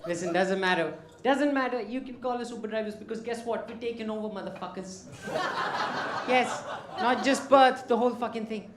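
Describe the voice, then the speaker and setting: A man's voice: high voice, brisk, heavy background noise. A man from India with an Indian accent doing a brash, profane stand-up set on a comedy club stage with a handheld mic. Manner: brash, profane, mocking punchlines. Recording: roomy club sound with audience laughter.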